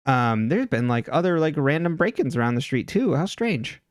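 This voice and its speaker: A man's voice: on the high side, sing-song, normal speed, no echo, clean studio sound. A man co-hosting a podcast, recapping a TV episode in a loose, chatty way with lots of "like" and "um" and frequent laughs. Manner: chatty, heavy on "like" and "um", laughs often. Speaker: podcast co-host.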